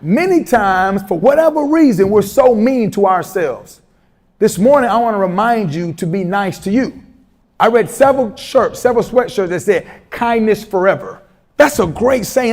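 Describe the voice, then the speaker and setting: High-voiced man giving a humorous talk. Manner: animated storyteller, humorous asides, acts out quoted voices. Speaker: keynote speaker at educators' institute day. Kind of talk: motivational speech to teachers.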